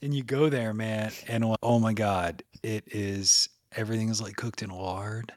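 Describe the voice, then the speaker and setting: A man's voice: on the low side, steady tone, normal speed, no echo, clean studio sound. Rambling man guest from Louisiana. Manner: rambling, filler-heavy talker. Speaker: podcast guest. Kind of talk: casual chat.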